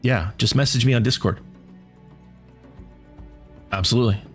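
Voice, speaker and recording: A man streaming a game and chatting casually with viewers, rambling and repeating words as he thinks aloud, his voice going hoarse. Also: mid-range voice, moderate pace, soft background music. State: losing his voice.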